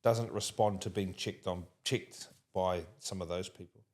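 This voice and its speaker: NZ man, lower voice, casual interviewer, animated with lots of restarts. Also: measured pace. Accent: New Zealand. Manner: animated, laughs often, talks in restarts.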